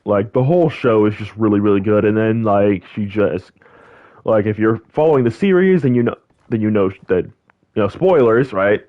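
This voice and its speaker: A man's voice: on the low side, moderate pace, highs cut off. Rambling young man chatting over gameplay. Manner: rambling, animated, lots of fillers and restarts. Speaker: gaming channel host. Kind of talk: casual chat over gameplay.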